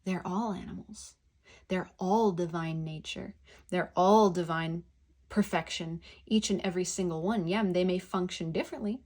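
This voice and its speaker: A woman giving a pick-a-card tarot reading, talking in a gentle, effusive, spiritual way. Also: fairly low pitch, normal speed.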